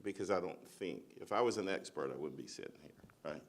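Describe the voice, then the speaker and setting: A middle-aged man on a conference panel, a school principal telling a lively personal story and acting out the voices of the people in it. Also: low voice, a little fast, vocal fry. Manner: animated storyteller, acts out quoted voices.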